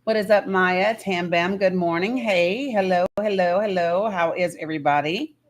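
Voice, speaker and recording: A woman's voice: fairly low pitch, normal speed. Chatty woman hosting a livestream. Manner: greets viewers one by one, talks to her kids off-mic. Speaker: livestream host. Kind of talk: casual livestream chat.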